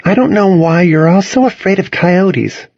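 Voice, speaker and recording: A man voicing a sharp-tongued, witty teenage girl in a storybook reading. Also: fairly low pitch, moderate pace, no echo, lo-fi sound, voice pushed up. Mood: protesting.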